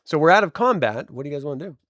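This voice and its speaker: A man's voice: fairly high pitch, animated, very fast, fairly bright tone, dry recording, clean studio sound. A man narrating a tabletop game as game master, describing scenes and laughing easily.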